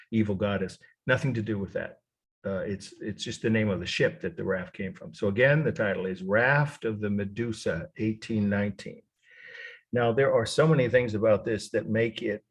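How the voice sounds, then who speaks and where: A man's voice: fairly low pitch, breathy edge. A middle-aged man teaching a college art history lecture, rambling and correcting himself as he goes, spelling names out letter by letter.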